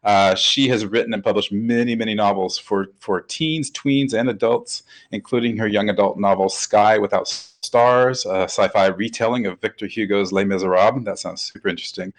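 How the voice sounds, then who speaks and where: A man's voice: fairly low pitch, fairly even intonation, normal speed, hardly any pauses, low-quality recording. A man hosting a webcast interview, talking in an upbeat, chatty way with lots of fillers. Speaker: webcast host. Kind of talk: casual hosted interview.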